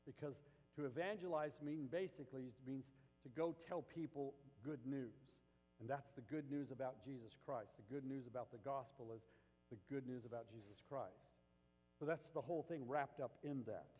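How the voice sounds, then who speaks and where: A man's voice: medium pitch, moderate pace, darkish tone, long reverb tail, soft background music, poor audio. A man preaching a sermon as pastor, impassioned, rising to emphatic peaks and acting out the voices he quotes.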